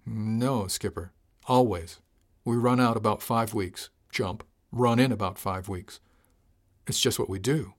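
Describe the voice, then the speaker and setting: A man's voice: lowish voice, unhurried, natural voice. A man reading an audiobook, voicing a wry male helmsman who speaks bluntly and with dry cheek. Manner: blunt, dry, lightly insolent. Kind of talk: audiobook character voice.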